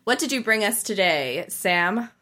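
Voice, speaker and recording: Podcast co-host, female, candid and hesitant, very lively pitch. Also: unhurried. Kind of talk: casual chat.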